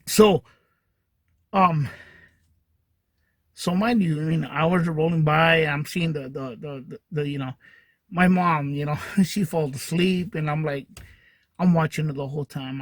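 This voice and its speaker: A man's voice: a little high, measured pace, pauses often, dry recording. A man hosting a podcast, telling a long personal story in a rambling way full of fillers and restarts. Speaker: podcast host. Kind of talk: casual storytelling monologue.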